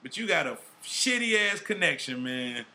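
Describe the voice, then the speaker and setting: A man hosting a loose podcast chat, talking in a bright, forceful voice pitched a little high. He swears constantly and uses street slang, with an animated, joking delivery. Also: normal speed. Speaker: podcast host. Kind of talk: casual profane chat.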